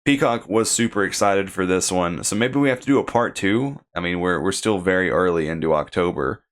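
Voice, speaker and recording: Low-voiced easygoing male podcast host. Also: brisk. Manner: easygoing, chuckles between remarks. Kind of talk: casual podcast chat.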